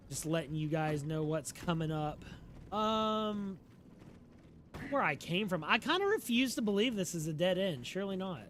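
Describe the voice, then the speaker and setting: A man with a fairly high voice streams a game and chats loosely with his viewers. His talk is relaxed and full of slang, and he sounds sleepy. Faint noise sits behind his stream microphone. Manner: relaxed and slangy, talking to chat. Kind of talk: casual live-stream chat.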